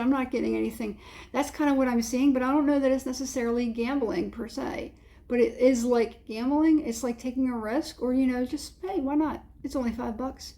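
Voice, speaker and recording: A woman's voice: sits high, dark tone. A woman giving a casual tarot reading, rambling and hesitant, with many fillers and frequent chuckles. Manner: chuckles often. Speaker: tarot reader.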